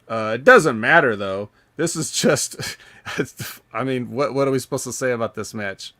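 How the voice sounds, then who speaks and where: A man's voice: medium pitch, a bit bright. Rambling male podcast host. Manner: rambling, halting, lots of fillers and restarts. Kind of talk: casual podcast chat.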